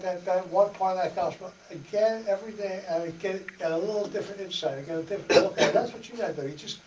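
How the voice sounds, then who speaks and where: A parish presenter with a high-pitched, slightly mellow voice chats folksily to a church study group, acting out dialogue and laughing. The recording, made from far off in an echoey church meeting room, carries a faint hiss.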